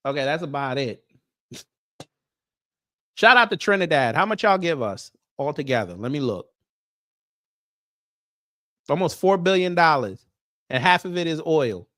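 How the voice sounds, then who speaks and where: A man's voice: a little high, very animated, unhurried, long pauses, a bit bright. A man hosting a casual reaction stream, joking and talking straight to his viewers as he goes down a list. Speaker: commentary streamer.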